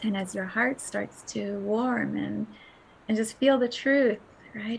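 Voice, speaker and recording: A woman hosting a spiritual podcast, talking in a dreamy, breathy way with frequent laughs and soft whispered asides. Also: medium pitch, steady tone, takes it slowly, a little hiss or hum, poor audio. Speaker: podcast host.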